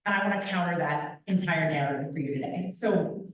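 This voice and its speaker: A young adult woman, an opera company vice president, giving a lively, playful talk to an audience with a handheld microphone. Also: on the low side, brisk. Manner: animated, playful and direct with the crowd. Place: large echoey hall. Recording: very echoey hall, picked up from a distance.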